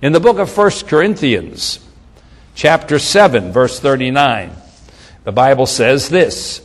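A man's voice: mid-range voice, sing-song, unhurried, big-room sound. A man preaching a sermon, reading scripture aloud with rising emphasis and slipping into casual asides. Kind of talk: sermon, Bible exposition.

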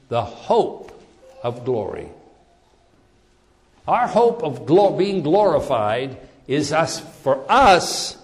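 A man preaching a sermon, reading and explaining scripture, often repeating words and slowing down for emphasis. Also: fairly high pitch, sing-song, big-room sound.

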